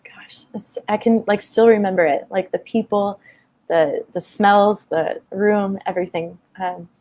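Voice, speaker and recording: A woman's voice: mid-range voice, fairly even intonation, a little slow, darkish tone. A woman in her thirties telling a personal story in a conversation, open and emotional, with many fillers. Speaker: guest.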